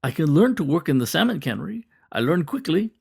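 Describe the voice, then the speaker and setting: A man's voice: fairly high pitch, big pitch swings, fairly quick, vocal fry, darkish tone, husky, pitched above the performer's own voice, heavily acted. A man voicing an earnest young male immigrant photographer who speaks carefully and deferentially.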